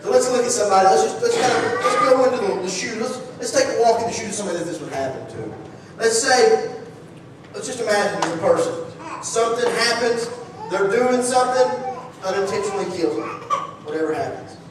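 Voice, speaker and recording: A man with a high-pitched, expressive voice preaches a sermon in a church sanctuary, talking fast and conversationally, restarting phrases and asking the congregation questions. The recording is echoey, from a distant mic, with a noisy background.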